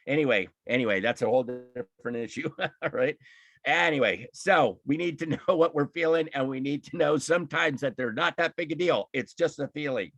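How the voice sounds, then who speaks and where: A man's voice: fairly high pitch, moderate pace, fairly bright tone, dry recording. A man teaching an online emotional intelligence class, talking in an emphatic, fired-up way with frequent laughs and restarts. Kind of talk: live online class, impassioned talk.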